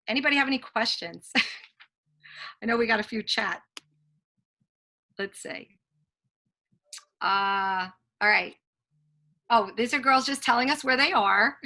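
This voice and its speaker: A woman's voice: fairly high pitch, pushed and bright. A woman leading a team training call, telling earnest, motivational stories and taking questions from the chat. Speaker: sales team leader.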